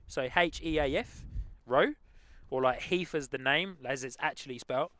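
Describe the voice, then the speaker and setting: A man with a London-tinged English accent, casually chatting as host of a live stream and reading out viewer comments, easygoing and quick to laugh. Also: fairly high pitch, expressive, pushed and bright, dry recording. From England. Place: outdoors at an airport plane-spotting spot.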